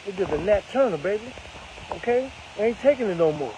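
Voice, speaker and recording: An older man hosts a live broadcast of casual commentary, speaking in a preachy, emphatic style and repeating phrases for effect. His voice is high-pitched and expressive, a little fast, with a noisy background.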